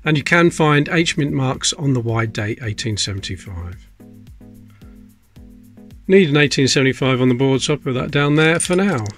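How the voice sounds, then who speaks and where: Sorting pennies for his coin-collecting channel, a man chats casually and mutters to himself as he looks closely, poking fun at himself along the way. His mid-range voice is expressive and moves at a moderate pace, with faint music in the background.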